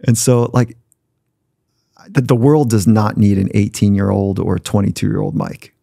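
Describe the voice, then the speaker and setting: A man with a low, gravelly voice and a mellow, dark tone, talking as a podcast guest. He tells his stories in a reflective, conversational way and slips into the voices of the people he quotes. The sound is dry and close to the mic. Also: fairly even intonation, normal speed, no room sound. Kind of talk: conversational storytelling. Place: podcast studio.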